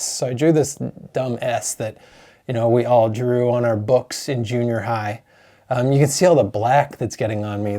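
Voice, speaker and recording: A man, a board game designer chatting excitedly through an unboxing of his own game, openly emotional. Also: mid-range voice. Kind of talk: unboxing vlog.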